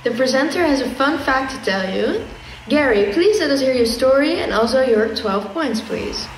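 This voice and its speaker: A woman's voice: high voice, lively intonation, normal speed, a little hiss or hum. A woman hosting a mock song-contest show in a formal yet playful announcer tone. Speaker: host. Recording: echoey room, from far off.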